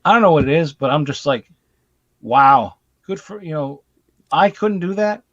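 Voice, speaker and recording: A man's voice: fairly high pitch, normal speed, no room sound. Guy retelling a movie, acts out the scenes, cusses a bit, kinda muffled dry audio. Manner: animated storytelling, acts out scenes, swears casually. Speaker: host. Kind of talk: casual movie recap chat. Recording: dull dry lo-fi recording.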